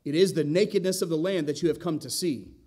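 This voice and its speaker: A stern ancient governor speaking with cold, formal authority, as a pastor reads his words aloud. He accuses strangers flatly and slowly, in a slightly raised voice. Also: a little high, close to an everyday voice. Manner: accusing, formal scripture reading. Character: stern powerful governor, adult man.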